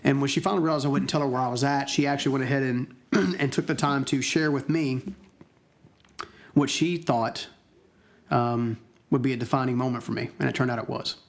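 An earnest man recounts a personal testimony in a relaxed interview. He speaks in a reflective, conversational way with an ordinary mid-range voice, often restarting his sentences as he searches for words. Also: mid-range voice, brisk, vocal fry. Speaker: guest sharing a personal testimony. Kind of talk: conversational storytelling.

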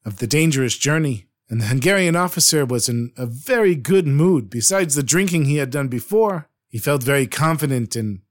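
A man telling a dramatic true story in an earnest, expressive way. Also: mid-range voice, moderate pace, few pauses.

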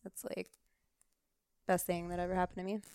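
A woman's voice: fairly low pitch, level tone, brisk, dark tone, clean tone. A young woman guest on a podcast, chatting casually and laughing easily, with lots of "like". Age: young adult. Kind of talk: casual chat. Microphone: close podcast microphone.

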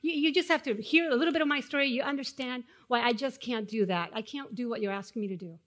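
A woman pastor giving a sermon, asking the congregation questions and dropping to hushed, solemn tones when telling stories of loss. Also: fairly high pitch, quick pace. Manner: dynamic, swings from loud rhetorical questions to hushed solemn tones.

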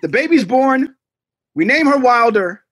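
A man's voice: very high-pitched, measured pace, no room sound. Man telling stories, dry sound. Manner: animated storyteller acting out quotes. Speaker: podcast co-host. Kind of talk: casual chat.

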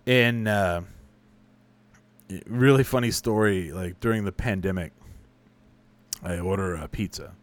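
Man, low voice, casual chat, rambling, profane, self-correcting, young adult. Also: unhurried, long pauses. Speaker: podcast host answering listener questions.

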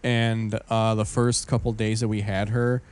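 A man co-hosting a podcast in casual chat, joking in a wry, deadpan way. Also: on the low side, a little slow, clean tone. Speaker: podcast co-host.

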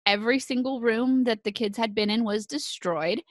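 A woman's voice: on the high side, moderate pace, no echo, clean studio sound. A woman in her thirties hosting a podcast, telling stories animatedly in casual conversation and laughing often. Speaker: podcast host.

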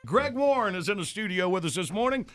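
A man's voice: high voice, expressive, fast talker, over loud music. A man hosting a morning radio show, easily introducing and questioning a guest in the studio.

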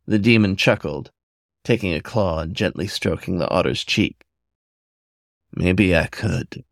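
Low-voiced man reading a story. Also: moderate pace, fairly bright tone, no room sound, clean studio sound. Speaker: narrator.

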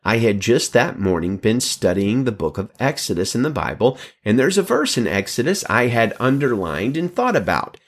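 Animated male preacher with lively pitch. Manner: animated preaching with emphatic rises; storytelling, quoting another preacher. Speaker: pastor. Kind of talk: sermon.

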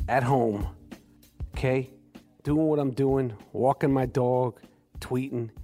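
A podcast host, a man, delivering a loud, profane comedic rant full of mock insults. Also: medium pitch.

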